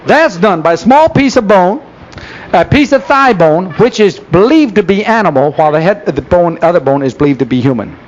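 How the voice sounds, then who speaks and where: A man's voice: high-pitched, animated, a little fast, dull audio. A man giving a folksy, sarcastic church lecture, full of rhetorical questions, on an old 1970s tape. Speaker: speaker.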